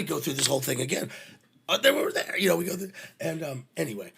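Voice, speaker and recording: A middle-aged man telling backstage stories in a casual, animated way, swearing freely and using lots of fillers. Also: on the high side, fast talker, vocal fry, noisy background. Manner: animated, profane, full of fillers. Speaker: podcast guest, venue manager. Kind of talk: casual anecdotal storytelling.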